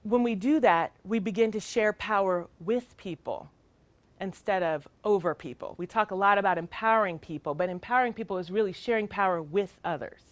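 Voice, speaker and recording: A woman's voice: medium pitch, brisk, no echo. Earnest woman giving a training talk. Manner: earnest, emphatic, rhetorical questions. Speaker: child welfare worker and presenter.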